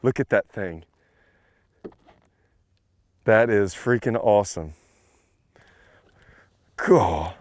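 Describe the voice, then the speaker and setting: Man, breathless, excitable, outdoors on a lake, dry close sound. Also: lowish voice, extremely slow, long pauses, dry recording. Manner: excitable, shouting with joy. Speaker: fishing show guest anchor. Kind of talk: excited on-camera fishing talk.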